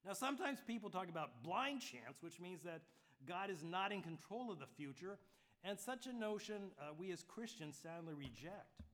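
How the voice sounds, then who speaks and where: High-voiced man preaching a casual sermon. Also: sing-song, normal speed, a bit bright. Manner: conversational preaching with frequent "okay?" check-ins; light humor woven into teaching. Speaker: pastor.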